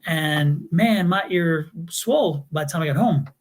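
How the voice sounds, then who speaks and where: A man's voice: a little high, unhurried, slight background noise. A man co-hosting a live tarot stream, telling stories in casual chat. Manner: animated storyteller. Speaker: tarot reader co-host.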